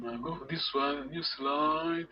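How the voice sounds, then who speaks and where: A man's voice: on the high side, fairly even intonation, unhurried, highs cut off, slight background noise. A man from Congo, teaching a live online language lesson over a video call. He explains patiently and repeats words for his students to echo.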